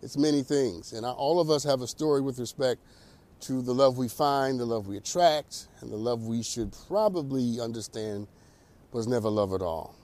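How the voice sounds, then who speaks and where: A man hosting a talk show, delivering an animated, preacherly monologue. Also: medium pitch, normal speed. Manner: animated, preacherly, laughs at own jokes. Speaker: host.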